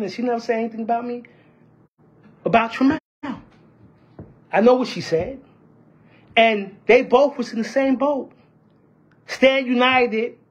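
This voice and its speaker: Fiery woman union member delivering a rant, high and very animated, heavy on rhetorical questions. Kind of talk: impassioned union-politics rant.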